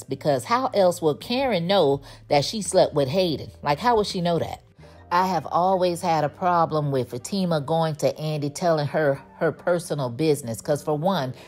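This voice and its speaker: A woman recapping a TV episode in a casual, animated, gossipy way, full of slang and quoted lines. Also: low voice. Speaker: TV show reviewer.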